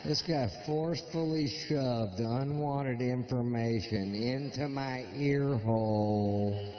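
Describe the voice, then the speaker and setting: A male stand-up comedian telling stories in a slow, deadpan way. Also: mid-range voice, highs cut off, background noise.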